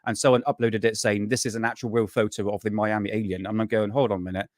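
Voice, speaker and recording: A man's voice: fairly low pitch, little pitch movement, fast talker, no room sound, clean studio sound. A man hosting a casual live stream, rambling and swearing freely, worn out and burnt out, chatting to viewers. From United Kingdom.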